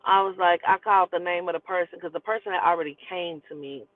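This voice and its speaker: A fast-talking woman in her forties with a fairly low voice casually tells her own story as a storytelling host, swearing a lot and speaking bluntly and emphatically. The sound is thin and phone-like, with no room echo at all.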